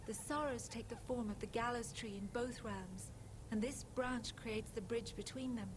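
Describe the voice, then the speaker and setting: A solemn, ageless fae guide, voiced by a woman speaks in slow, formal, archaic phrases. Her voice sits fairly high. The game audio carries clear background noise beneath her. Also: natural voice. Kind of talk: video game voice acting.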